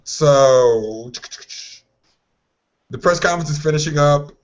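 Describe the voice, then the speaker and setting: A man chatting on a podcast, upbeat and animated as he tells a story, his voice sitting a bit high for a guy. The audio comes through a dull, lo-fi online call line. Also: slow pace. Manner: animated storyteller who acts out quoted voices. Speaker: podcast co-host. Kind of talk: casual podcast chat.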